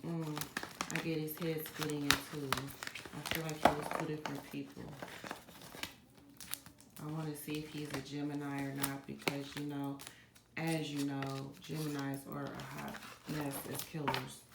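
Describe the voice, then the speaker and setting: A woman's voice: low voice, moderate pace, vocal fry. A woman giving a psychic card reading, chatting casually and directly to her viewers. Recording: echoey room with steady background noise.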